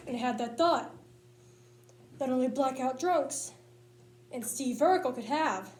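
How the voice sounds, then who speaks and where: High-voiced woman performing a comic monologue. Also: a little slow, pauses often, echoey room, a little hiss or hum. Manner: lively, punchy comic storytelling. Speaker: speech tournament competitor.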